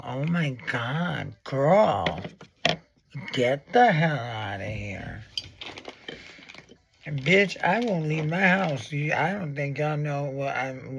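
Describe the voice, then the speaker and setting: Gravelly drawling guy in his 40s doing a makeup tutorial, super sassy and dramatic, rambles off on tangents. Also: medium pitch, background noise. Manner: sassy, dramatic, rambling, full of asides and swearing. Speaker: makeup artist and educator. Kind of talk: casual makeup tutorial vlog.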